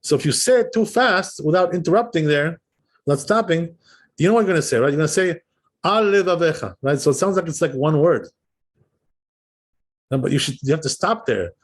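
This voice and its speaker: His voice is on the high side, lively and fairly quick. As a rabbi teaching a text study session, he reads passages aloud, translates and explains them in a relaxed manner, and frequently checks that listeners are with him.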